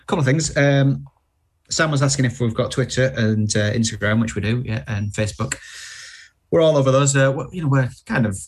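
Husky man reading comments. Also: mid-range voice, a little fast. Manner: hesitant, many ums and restarts. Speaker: podcast co-host reading viewer comments. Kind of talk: casual chat.

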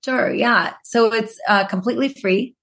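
A woman's voice: a little high, moderate pace, fairly bright tone. A middle-aged woman who is a guest author, telling personal stories in a casual interview with frequent "you know"s.

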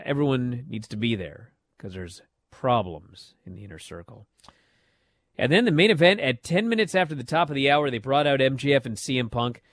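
A middle-aged man hosting a wrestling recap show, telling the matches in a lively, up-and-down casual way. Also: medium pitch, no room sound, clean studio sound. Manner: animated storytelling, swings loud and soft.

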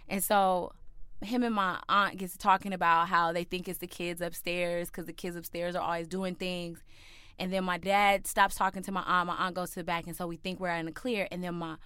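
A young woman tells a personal story with animated energy, leaping into high, loud voices for the people she quotes. Her voice is smooth and slightly low. The sound is dry and close. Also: normal speed, no room sound. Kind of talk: personal story told to a listener.

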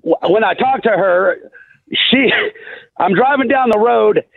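Gravelly high-voiced trucker on a phone line. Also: male voice, measured pace, dry recording. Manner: chuckling, rambling storyteller. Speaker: caller, truck driver. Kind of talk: phone-in story.

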